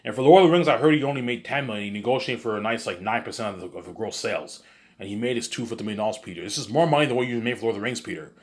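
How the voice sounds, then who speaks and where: A man's voice: on the low side, rapid-fire. A man rambling in a casual monologue, repetitive and boastful. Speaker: monologue host.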